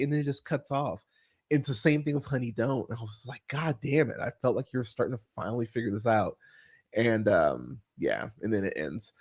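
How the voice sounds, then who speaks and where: A man's voice: medium pitch, expressive, a little fast, darkish tone, husky. Profane rambling podcast host, a man. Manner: blunt, profane, rambling with many fillers. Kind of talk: casual podcast chat.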